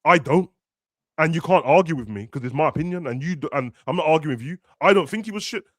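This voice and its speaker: A man's voice: a little high, animated, fast, no room sound. A young man, chatting casually and ranting animatedly as a football podcast host. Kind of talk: casual chat.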